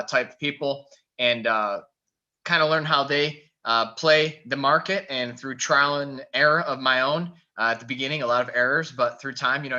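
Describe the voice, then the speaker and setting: A man presenting a live online trading webinar in a relaxed way, with many "uh" fillers, on a computer mic over a video call. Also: medium pitch. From Michigan. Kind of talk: casual live webinar talk. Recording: dull lo-fi call audio.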